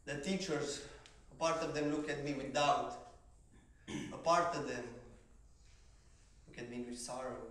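A man with a Romanian accent telling his life story as a motivational speaker, slow and dramatic, rising to shouts at the peaks. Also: medium pitch, fairly even intonation. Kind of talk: personal story speech. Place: large event hall on stage. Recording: echoey hall from far off, faint noise.

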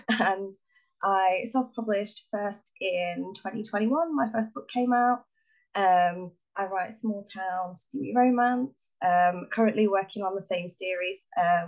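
A woman's voice: mid-range voice, poor audio. An English woman, a guest author, chatting casually on a podcast with frequent ums and easy laughter. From England. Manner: hesitant, lots of ums, laughs easily.

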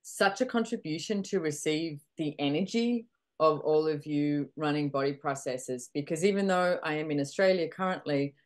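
A middle-aged woman hosting a casual coaching talk, animated, acting out little dialogues and swearing freely. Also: low voice, moderate pace. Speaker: podcast host and facilitator.

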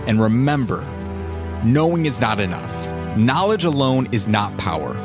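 A man's voice: medium pitch, sing-song, normal speed, over music. A young man hosting a podcast, talking in an enthusiastic, encouraging way. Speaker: podcast host. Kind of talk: interview and scripted outro.

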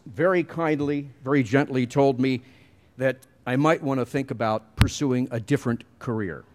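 A middle-aged man giving a commencement speech, telling wry, self-deprecating stories at a podium mic. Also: medium pitch. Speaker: commencement speaker.

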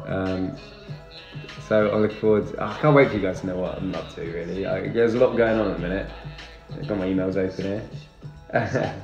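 A young man with a deep, gravelly voice livestreams in a casual, chatty way, thanking viewers and responding to comments. He's in an echoey room with music behind him.

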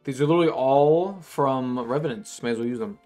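A man giving casual, excitable gameplay commentary as a video host, full of slang and frequent swearing. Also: medium pitch, brisk. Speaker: gaming YouTuber. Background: faint background music.

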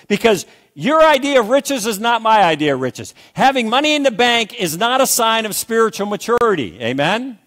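A man's voice: very high-pitched, big pitch swings, normal speed, few pauses, a bit bright. An older man preaching a sermon as pastor, emphatic, repeating phrases and calling for amens.

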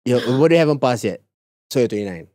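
Singaporean male podcast host, teasing banter, mid pitch, dead-dry mic. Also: lively intonation, a little mellow, dry recording. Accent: Singaporean English. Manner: teasing, quick back-and-forth. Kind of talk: casual banter.

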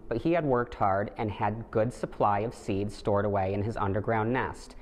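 A man with a fairly low voice reads a children's picture book aloud, gentle and unhurried. His voice carries a long reverb, like a big hall. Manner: gentle, steady storytelling with light voices for the animals. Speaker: storybook reader.

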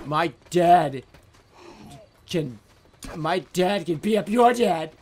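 A man voicing a whiny, bratty young male character in a shrill, whining voice. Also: animated, takes it slowly, darkish tone, a little hiss or hum.

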